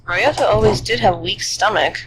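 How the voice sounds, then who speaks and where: A game streamer reading a visual novel's dialogue aloud in an animated way. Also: medium pitch, a little fast, heavy background noise.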